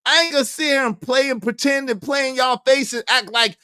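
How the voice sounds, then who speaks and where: A man hosting a livestream, ranting in a heated, animated way and repeating his points. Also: very high voice, a little fast, few pauses, clear, resonant tone, dry recording, studio quality. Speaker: livestream host.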